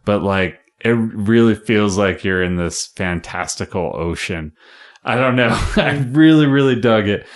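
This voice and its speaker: A lower-voiced man talking through a casual podcast chat, swearing freely and laughing as he goes. He gets excitable and animated while he talks. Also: measured pace. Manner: profane, excitable, laughs often. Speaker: podcast co-host.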